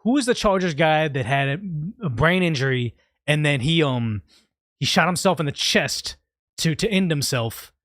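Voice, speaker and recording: A man's voice: fairly high pitch, lively intonation, normal speed, a bit bright, no echo, studio quality. A man hosting a casual livestream, rambling through tangents and reading out viewer super chats. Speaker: livestream host.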